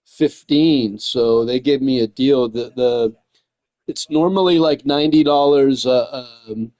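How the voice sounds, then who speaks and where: A man's voice: mid-range voice, unhurried, darkish tone, dry recording. Rambling, profane guy. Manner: rambling, profane, says "man" and "dude" a lot. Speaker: gaming streamer. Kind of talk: casual rambling chat.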